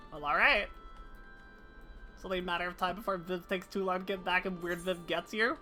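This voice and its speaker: A woman's voice: mid-range voice, fairly even intonation, a little fast, sharp tone, faint music behind. A woman streamer in casual live-stream chat, playful and self-mocking.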